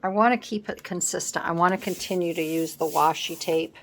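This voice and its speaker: A woman's voice: fairly low pitch, fairly even intonation, brisk. A woman talking casually at her craft table at home, thinking aloud as she works, recorded by a camera set on the table. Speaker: scrapbooking vlogger. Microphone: camera set up on the work table.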